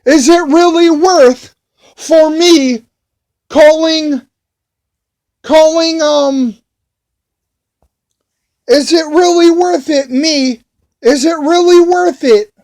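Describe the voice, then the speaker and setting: A man recounts a run-in with police in an angry, profane rant. His voice sits high, and he circles back to the same phrases over and over. He talks at a slow, dragging pace. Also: darkish tone. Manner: profane, repetitive, heated.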